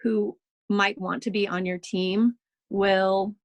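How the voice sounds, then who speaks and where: A woman's voice: mid-range voice, level tone, slow, no room sound. Chatty reassuring woman on a dry call. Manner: chatty, reassuring, many ums and likes. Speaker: team leader in direct sales. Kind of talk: casual training talk on a video call.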